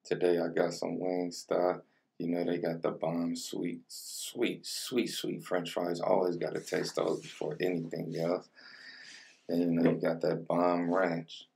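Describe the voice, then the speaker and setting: A young man rambles in relaxed slang through a mukbang-style food vlog. His voice sits very low with a heavy gravelly rasp, and he is heard from a little away from the mic. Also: a little slow, distant mic. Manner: laid-back slang-heavy chatter between bites. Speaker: mukbang vlogger. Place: home room with colored lighting.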